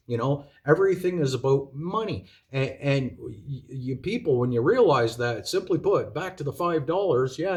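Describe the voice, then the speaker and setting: A Canadian video commentator with a medium-pitched, slightly mellow voice rants at his viewers in a monologue. He's profane and exasperated, lecturing them with rhetorical questions.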